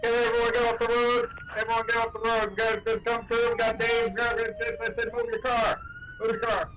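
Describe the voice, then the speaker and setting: A woman streamer using a cop voice changer, barking orders to clear the road. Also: a little high, monotone, brisk, a bit bright. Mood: commanding. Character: gruff cop on a police car loudspeaker. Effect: voice changer with police siren. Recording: distant, noisy, siren behind.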